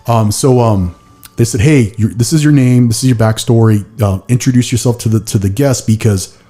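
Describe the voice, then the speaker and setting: A man's voice: mid-range voice, normal speed, dark tone. A man hosting a podcast in casual chat, telling rambling stories full of "like" and slipping into silly put-on voices. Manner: rambling storyteller, heavy use of "like", slips into silly voices. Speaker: podcast host.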